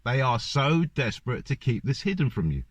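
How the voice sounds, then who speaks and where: A man's voice: medium pitch, very animated, moderate pace, no room sound. A man ranting in a monologue to camera, firing off one rhetorical question after another. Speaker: vlogger. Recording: dull lo-fi dry recording.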